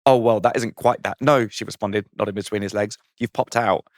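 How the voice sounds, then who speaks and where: A man reads out a comic story in a playful, mischievous way, laughing at his own lines. His voice sits a little low. The sound is dry and close to the mic. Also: steady tone, fairly quick, no echo. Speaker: comedian guest reading his story. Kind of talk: comic reading of a saucy story.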